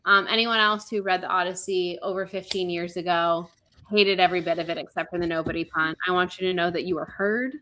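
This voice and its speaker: A woman's voice: on the low side, fairly even intonation, fairly quick, pushed and bright, slight background noise. A woman in her thirties co-hosting a podcast, delivering a comedic, exasperated rant full of sarcasm and swearing. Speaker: podcast co-host.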